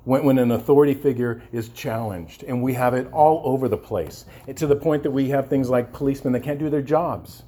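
Here a pastor with a mid-range, dark-toned voice talks briskly, hardly pausing at all. His sermon is passionate, full of repeated words and restarts, and he asks the congregation "amen?" for agreement.

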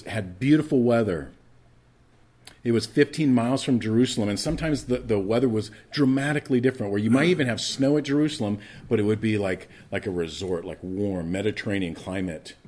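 A man with a medium-pitched voice preaches a morning sermon as pastor. He swings between loud, emphatic lines and hushed asides, often repeating words as he restarts.

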